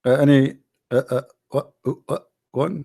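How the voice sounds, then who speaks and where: A man's voice: medium pitch, flat delivery, a little slow, vocal fry, dark tone. A man hosting a live call-in debate show, mocking and stammering often as he talks.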